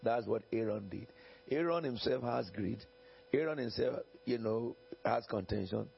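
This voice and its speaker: A pastor preaches a sermon with Bible reading, emphatic and repetitive, often chuckling and checking in with the congregation. His voice is medium-pitched and creaky at a normal speed. The lo-fi recording is dull and carries a little hiss or hum.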